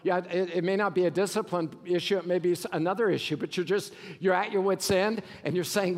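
A pastor preaching a sermon with a high voice that rings out through a large church hall with a long reverb tail. He climbs to shouted, emphatic passages, then drops into low, quiet asides. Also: steady tone, brisk, hardly any pauses.

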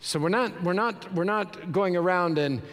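A man's voice: sits high, normal speed, fairly bright tone. A male pastor preaching a sermon in a large church, emphatic and repeating words for stress. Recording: reverberant hall.

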